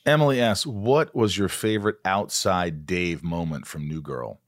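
A middle-aged man hosting a podcast in casual interview chat, animated and quick to laugh. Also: low-pitched, no echo, studio quality. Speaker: podcast host.

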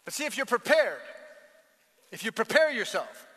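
A man preaching a lively sermon to a church congregation, telling a joke and calling for responses from the listeners. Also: very high voice, normal speed, slight background noise. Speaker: pastor. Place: large church hall. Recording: long hall reverb.

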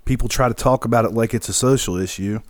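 A man's voice: mid-range voice, quick pace. A man co-hosting a podcast, making blunt, sarcastic, profane points in casual chat. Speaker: podcast co-host.

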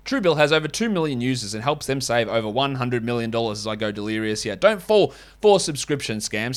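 A man's voice: mid-range voice, a bit bright. A man hosting a fantasy basketball podcast, chatting casually and reading ads with wry, rambling asides. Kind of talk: casual podcast chat and host-read ads.

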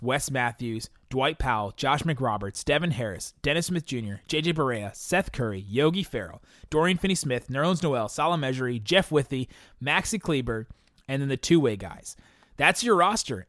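A man's voice: medium pitch, fairly bright tone, dry recording. Dry-sounding young male podcast host. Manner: rambling, laughs often, frequent restarts and fillers. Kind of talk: casual podcast chat answering listener questions.

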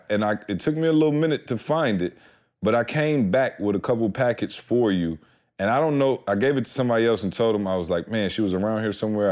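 A young man co-hosts a podcast, chatting casually in a relaxed, slangy style that includes an ad read. His voice is on the low side and a little mellow.

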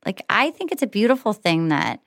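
A woman's voice: mid-range voice, very animated, brisk, creaky, no echo, studio quality. A woman author chatting as a guest, rambling and swearing freely, calling people "dude". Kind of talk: casual chat.

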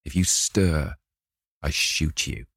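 A man reading an audiobook, voicing a gruff vengeful sailor who speaks in slow, growling threats. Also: very deep voice, a bit bright, no room sound, studio quality, full character voice. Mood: grim.

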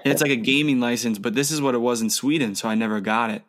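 A man's voice: medium pitch, steady tone, fast talker, over a noisy crowd. A young man, rambling casually with swearing and fillers. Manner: rambling, laid-back, swearing. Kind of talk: casual chat.

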